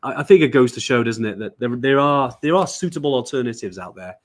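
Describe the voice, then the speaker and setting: A man hosts a casual live chat at a middle pitch. He talks loosely with plenty of ums and restarts, and he greets viewers by reading their comments aloud. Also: expressive, fast talker. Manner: chatty, reads viewer comments aloud, many fillers. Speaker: live show host.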